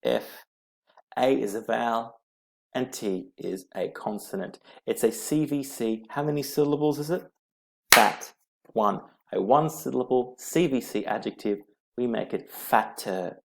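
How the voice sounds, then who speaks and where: A male English teacher works through grammar slides at an unhurried pace. His voice has a gravelly, fry-edged texture, and he spells out each rule letter by letter with patient repetition. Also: medium pitch. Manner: slow, patient, repeats rules letter by letter. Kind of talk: slide-based grammar lesson.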